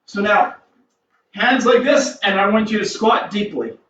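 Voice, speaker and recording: An American man with a high voice talks slowly and upbeat as he leads a karate warm-up. He is recorded from across an echoey garage, so the sound is dull and a bit distant. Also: a little hiss or hum. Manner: counts reps in Japanese, upbeat. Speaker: karate instructor. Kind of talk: warm-up exercise instruction. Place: home garage.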